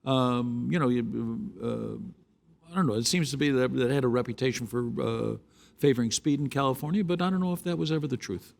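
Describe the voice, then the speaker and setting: Gravelly man moderating with halting questions. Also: mid-range voice. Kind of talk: panel moderation.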